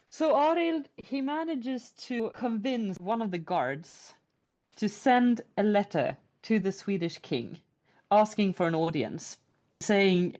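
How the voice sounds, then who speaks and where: A woman retelling an old folk tale in a chatty, animated storytelling style. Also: mid-range voice, slow. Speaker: podcast storyteller. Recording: lo-fi podcast audio.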